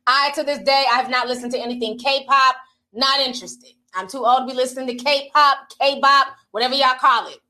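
Here a Midwestern woman in middle age, originally from Minnesota, reads viewers' super chats on a relaxed livestream. Her high voice moves a little fast, full of slang, animation, and frequent laughs.

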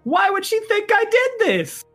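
A man's voice: a little high, expressive, measured pace, soft background music. A man voicing a flustered young male elf first mate who stammers and gets defensive. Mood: alarmed.

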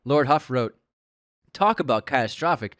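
A man's voice: mid-range voice, expressive, normal speed, fairly bright tone, dry recording, studio quality. A man co-hosting a casual film podcast, reading listener comments aloud and laughing often. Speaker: podcast co-host.

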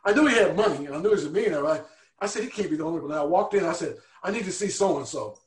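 A man telling a personal story as an interview guest, earnest and animated, acting out the people he quotes. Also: a little high, racing, echoey room.

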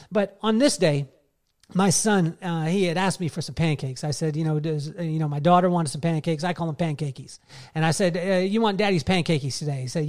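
Male motivational speaker, slightly high voice, earnest storyteller at a live summit. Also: a little mellow. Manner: earnest, personal storytelling addressed to the audience.

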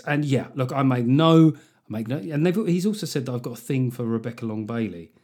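A man hosting a comedy podcast, riffing jokily with quick asides. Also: mid-range voice, a little mellow. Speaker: podcast host. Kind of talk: casual comic podcast chat.

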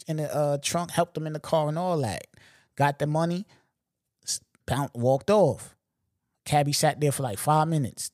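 A podcast host from Long Island, New York, tells stories in a casual monologue full of profanity and slang, often dropping "you know what I'm saying." His voice is medium-pitched and darkish, recorded at studio quality with no room sound.

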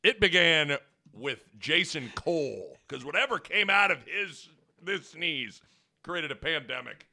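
A man's voice: fairly high pitch, expressive, unhurried, pushed and bright. A man hosting a sports talk show, rambling casually and joking, piling on analogies. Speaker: sports radio host.

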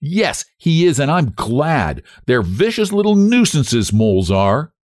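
A man's voice: a little high, wildly swooping pitch, moderate pace, darkish tone, no room sound, clean studio sound, pitched above the performer's own voice. A man voicing a bold, blunt young woman who talks brashly, in a storybook reading.

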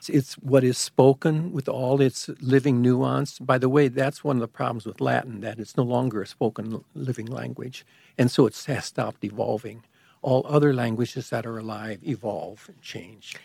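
A man talks through an explanation in a measured way, pausing and restarting as he goes. His voice is gravelly with a husky edge. It is recorded dry and close. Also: medium pitch, fairly even intonation, darkish tone, dry recording. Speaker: guest expert on liturgy. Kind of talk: explanatory conversation.

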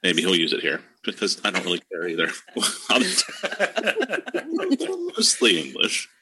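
A man's voice: lowish voice, wildly swooping pitch, takes it slowly, noisy background. A man on a podcast panel in casual chat, laid-back and chuckling. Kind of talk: casual fan-casting chat.

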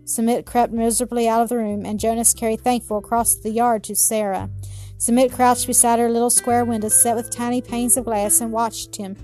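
Mellow woman reading a children's story. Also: a little high, little pitch movement, brisk, faint music behind. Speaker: narrator. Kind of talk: storybook narration.

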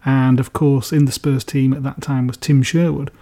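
A man's voice: medium pitch, little pitch movement, moderate pace, dark tone. A man hosting a podcast, prompting guests with dry, teasing asides. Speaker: podcast host. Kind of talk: casual podcast chat.

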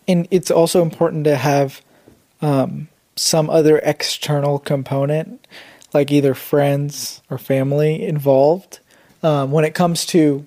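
A young man co-hosting a casual couple's podcast, speaking in a measured, hesitant way with many pauses. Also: fairly high pitch, fairly even intonation, dark tone. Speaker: podcast co-host.

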